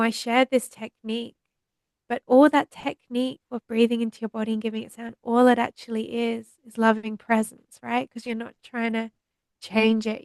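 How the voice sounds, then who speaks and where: A woman guest on a podcast, teaching about healing in a slow, soothing, meditative cadence. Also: on the high side, clean tone, no room sound. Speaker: podcast guest, trauma healer. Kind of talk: spiritual teaching in conversation.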